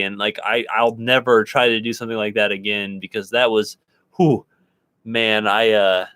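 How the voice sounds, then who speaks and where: A man's voice: lowish voice, a bit bright, no room sound. A man co-hosting a paranormal podcast, telling stories in a rambling casual way with lots of fillers and restarts, recorded in a home studio. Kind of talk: casual chat.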